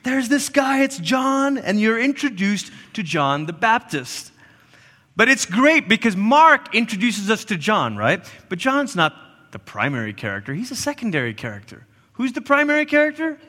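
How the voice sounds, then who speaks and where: Pastor, male, high bright voice, animated storyteller, echoing sanctuary. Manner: animated storytelling with playful asides. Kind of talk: sermon.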